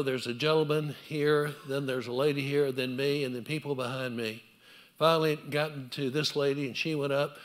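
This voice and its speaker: A male pastor giving a sermon in a chapel, telling stories and asking repeated rhetorical questions. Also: on the high side. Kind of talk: sermon with storytelling.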